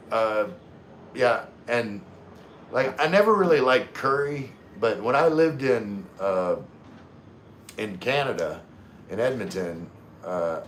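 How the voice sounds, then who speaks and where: A man's voice: fairly low pitch, a little hiss or hum. Laid-back Louisiana man livestreaming. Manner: laid-back, halting, many fillers and restarts. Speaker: livestream host. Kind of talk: casual livestream chat reading comments. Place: room in the Philippines. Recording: echoey room, faint ambience.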